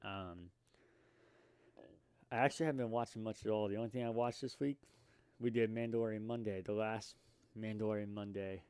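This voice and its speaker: A man's voice: lowish voice, steady tone, brisk, pauses often, darkish tone, clear, resonant tone, no room sound. A young man hosting a casual solo podcast, rambling and self-deprecating with lots of fillers and restarts. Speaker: podcast host.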